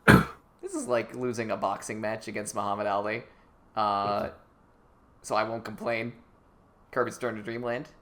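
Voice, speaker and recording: A man's voice: lowish voice, moderate pace, pauses often, pushed and bright. A man on a casual group podcast, teasing the others with wry remarks. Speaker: podcast panelist.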